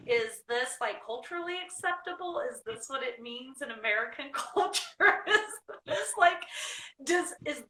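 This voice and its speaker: A woman's voice: high voice, bright, forceful tone. A woman talking as a guest in a casual interview, chatty, laughing often and checking in with "right?". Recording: echoey room, mic at a distance, faint noise.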